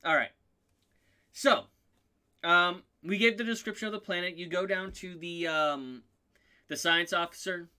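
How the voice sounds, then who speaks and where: A man's voice: sits high, measured pace, long pauses, bright, forceful tone, clean tone. A man narrating a tabletop role-playing game as game master, rambling with many ums and correcting himself.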